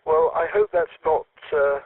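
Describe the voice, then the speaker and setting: A man's voice: fairly high pitch, wildly swooping pitch, a little slow, gravelly, slightly rough, no echo. A man from the UK checking into an amateur radio net and telling a story, with frequent ums and chuckles. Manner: storytelling, chuckling often, many fillers. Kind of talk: casual ham radio chat. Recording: phone-like radio audio.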